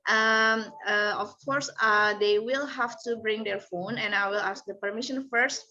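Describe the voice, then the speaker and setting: Halting woman, muffled audio. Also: mid-range voice, steady tone, pushed and bright. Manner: halting, many fillers. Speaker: junior high English teacher, student in training course. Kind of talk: presenting in online class. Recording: muffled audio with faint noise.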